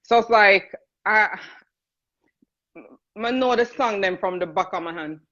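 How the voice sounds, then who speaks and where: A woman's voice: medium pitch, measured pace, a bit bright. A woman from Jamaica with a Jamaican accent, chatting casually and laughing while she cooks on a livestream, greeting viewers by name. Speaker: cooking livestream host. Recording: dull lo-fi livestream audio.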